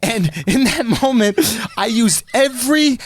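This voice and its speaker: A man in his thirties, a comedian and podcast co-host, telling an animated, profane, comic story and laughing through it. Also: very high-pitched, unhurried.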